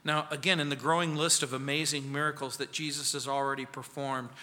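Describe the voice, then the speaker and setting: A male pastor preaching an expository sermon, acting out quoted voices and dropping to soft, quiet lines for emphasis. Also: medium pitch, flat delivery, a little fast. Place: church sanctuary. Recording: long church reverb.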